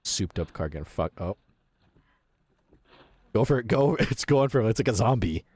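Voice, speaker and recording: Excitable, swearing young man streamer. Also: lowish voice, normal speed, no echo. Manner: profane, excitable, laughs often. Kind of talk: casual livestream reaction commentary.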